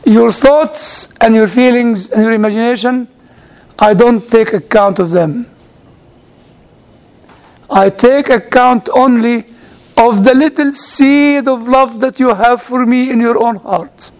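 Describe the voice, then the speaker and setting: A tender, reassuring Christ figure , as told by a man preaching. The voice sits unusually high for a man and speaks with soft, patient warmth, calm rather than commanding. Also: slow pace, exaggerated voice, rough recording. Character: gentle, loving Christ speaking to a believer.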